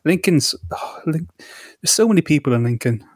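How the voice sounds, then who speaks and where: A man's voice: on the high side, expressive, normal speed, no echo. Man as podcast co-host, rambling fan chat, dry booth sound. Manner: rambling, hesitant with many ums and restarts.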